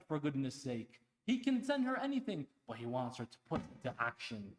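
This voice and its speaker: A man preaching a sermon at an Islamic center, impassioned, dropping to a hush and then rising loud, firing rhetorical questions at the congregation. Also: medium pitch, huge pitch swings, brisk. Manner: impassioned, swings between hushed and loud; asks the audience pointed rhetorical questions. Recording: echoey hall.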